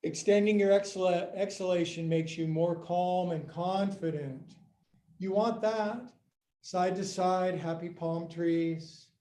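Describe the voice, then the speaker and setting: An older man with a high voice leads a live yoga class. He talks in quick, playful cues and counts each hold, and he runs a little short of breath along the way. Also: steady tone, mellow. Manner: upbeat, playful coaching cues, counting reps. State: out of breath at times. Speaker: yoga teacher.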